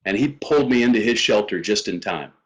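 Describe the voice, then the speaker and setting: A middle-aged man telling a personal faith story as a guest, earnest and halting, with many fillers and restarts. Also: on the low side, animated, low-quality recording.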